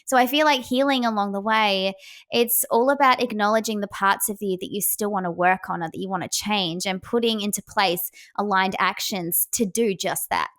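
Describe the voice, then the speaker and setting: A woman's voice: mid-range voice, moderate pace, fairly bright tone. A young adult woman, a psychic medium, talking candidly in a casual podcast interview, acting out her own inner voice.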